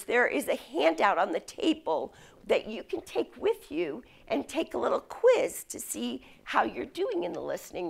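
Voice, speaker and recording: A middle-aged woman from the United States giving a leadership lecture, telling stories in an animated way. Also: a little high, vocal fry, slightly rough. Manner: storytelling, animated. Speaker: speaker.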